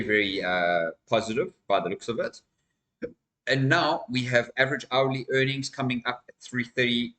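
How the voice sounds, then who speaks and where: A man hosting a crypto channel talks through market news and charts in a casual, emphatic vlog style, calling his viewers "guys". His voice is lowish and a bit bright, and the recording is rough.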